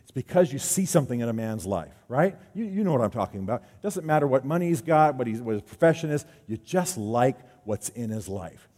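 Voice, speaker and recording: Lively male preacher in a reverberant hall. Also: mid-range voice, brisk, hardly any pauses. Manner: lively storytelling, acts out quotes. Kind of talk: sermon. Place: stage before an audience.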